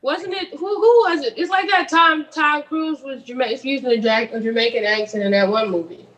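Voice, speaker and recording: A woman with a high voice chimes in with quick, emphatic remarks in casual podcast chat. Her mic picks up a roomy echo. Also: pushed and bright.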